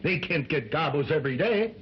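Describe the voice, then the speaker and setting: An actor playing an arrogant, bullying stage ventriloquist in an early sound film. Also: male voice, on the high side, expressive, fairly quick, slight background noise, lightly acted. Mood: boastful. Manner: haughty and scornful. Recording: dull lo-fi 1920s film soundtrack with music.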